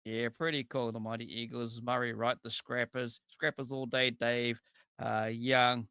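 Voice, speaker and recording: Upbeat kiwi bloke doing shoutouts, bright clear voice, dry sound. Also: male voice, medium pitch, little pitch movement, unhurried, no room sound. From New Zealand. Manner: upbeat, gives shout-outs to viewers. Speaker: co-host. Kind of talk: casual live-stream chat.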